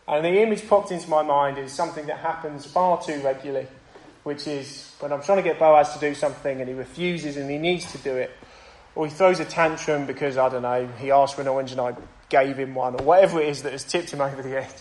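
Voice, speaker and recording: A young man delivers a sermon in a church. His voice sits a little high, and his talk is earnest and conversational, with natural pauses and restarts. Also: a little mellow, slight background noise, poor audio. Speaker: pastor.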